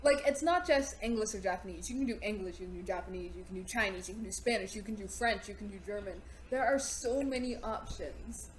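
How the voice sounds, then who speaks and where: A woman co-hosting a podcast in casual chat, enthusiastic with quick asides. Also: mid-range voice, a little hiss or hum. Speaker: podcast co-host.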